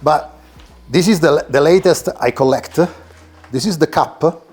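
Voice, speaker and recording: A man with an Italian accent, a car collector giving a tour of his garage and talking in halting English with many restarts. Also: fairly high pitch, a little mellow, slightly rough. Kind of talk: casual interview while walking a car collection. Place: indoor garage.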